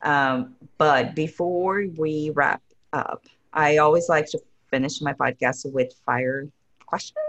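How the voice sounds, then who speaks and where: A woman hosting a podcast in casual chat, animated and gushing. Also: low-pitched, slow, muffled recording. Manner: animated, gushing, slips into excited quoted exclamations. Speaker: podcast host.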